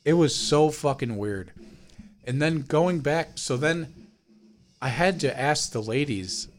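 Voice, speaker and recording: A young man casually telling a story on a podcast, lively and full of swearing, acting out the people he quotes. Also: fairly high pitch, slow pace. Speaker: podcast co-host.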